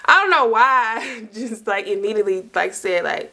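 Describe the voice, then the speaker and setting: A woman's voice: medium pitch, animated, moderate pace, pushed and bright. A young woman casually telling a personal story to her viewers, chatty and slangy, full of asides to the audience. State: dry mouth. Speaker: storytime vlogger.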